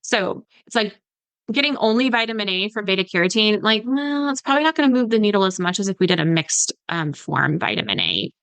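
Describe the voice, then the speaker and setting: A woman's voice: mid-range voice, sing-song, fast talker, creaky, fairly bright tone, clear, resonant tone, no echo, rough recording. Dietitian woman explaining, dry sound. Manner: explanatory, many "like" fillers, mimics patients. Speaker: registered dietitian guest. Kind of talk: podcast conversation.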